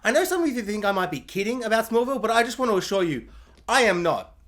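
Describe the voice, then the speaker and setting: A man's voice: sits high, sing-song, quick pace, fairly bright tone. A man giving an exasperated, self-mocking rant in a video review, breaking into laughter often. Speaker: show reviewer.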